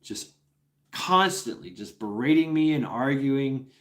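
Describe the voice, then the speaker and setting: A man's voice: medium pitch, animated, a little slow, a bit bright. Guy on a stream rambling thru a story, lots of cussing, restarts and little laughs. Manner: rambling, profane, frequent restarts and chuckles. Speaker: livestream host. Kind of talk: casual storytelling chat.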